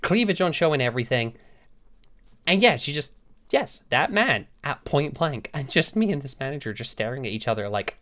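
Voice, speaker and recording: A woman's voice: low-pitched, normal speed. A woman streamer telling a story to her chat in a casual, sweary way, laughing often. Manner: animated, sweary, frequent laughs.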